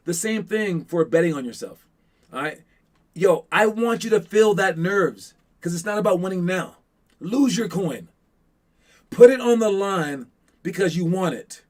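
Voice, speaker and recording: A slightly higher-voiced man coaching a youth team. He talks loosely, full of fillers and restarts, and jumps into animated acted quotes. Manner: acts out quotes with sudden hype. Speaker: basketball coach.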